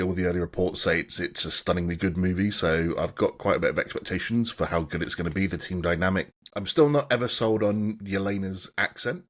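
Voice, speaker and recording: Deep-voiced man talking fast. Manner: fast, upbeat, hedging. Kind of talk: casual chat.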